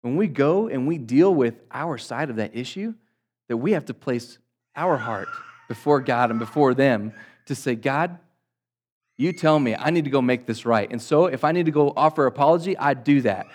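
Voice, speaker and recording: Pastor guy preaching to the church, mid-range voice, gets loud then drops real quiet. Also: medium pitch, expressive, moderate pace. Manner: dynamic preaching, rising loud for emphasis and dropping soft; addresses congregation as guys. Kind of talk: sermon.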